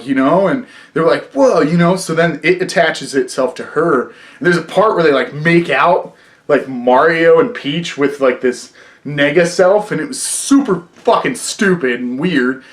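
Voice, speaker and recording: A man's voice: fairly high pitch, moderate pace. A young man reviewing a film in a casual vlog, rambling with lots of fillers and frequent swearing. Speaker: movie reviewer.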